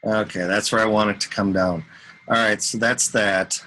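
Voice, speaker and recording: Man, bright forceful voice, casual rambling chart talk, chatty. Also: lowish voice, steady tone, moderate pace. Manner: rambling, chatty, talks to himself and viewers. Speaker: market commentator.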